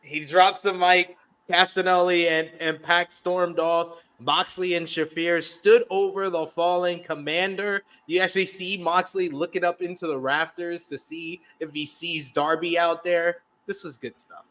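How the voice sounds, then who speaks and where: Higher-voiced man recapping wrestling. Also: little pitch movement, measured pace, fairly bright tone. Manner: recapping events, laughing often. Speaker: co-host. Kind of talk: casual wrestling review chat.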